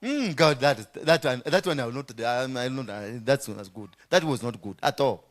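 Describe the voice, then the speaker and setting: A Kenyan man preaching a sermon, dramatic, swinging between hushed asides and shouts, dropping into Swahili phrases. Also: medium pitch, animated, brisk. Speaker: apostle preaching.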